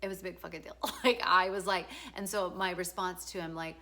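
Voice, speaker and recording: A woman's voice: lowish voice, steady tone, fairly quick, bright, forceful tone. A middle-aged woman reading her own book introduction aloud, frank and emotional, breaking off for casual asides, laughter and swearing. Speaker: author.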